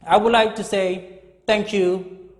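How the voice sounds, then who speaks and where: A man in his fifties teaching an English grammar lesson, speaking slowly and emphatically and repeating key words. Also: high-pitched, steady tone, long reverb tail.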